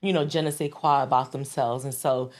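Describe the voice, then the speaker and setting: A woman's voice: rumbling low, fairly quick. A woman in her thirties from the Bronx with a New York accent, chatting as a guest in an interview with frequent laughs and restarts. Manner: animated and laughing, with many restarts and fillers. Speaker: guest recording artist. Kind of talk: casual interview chat.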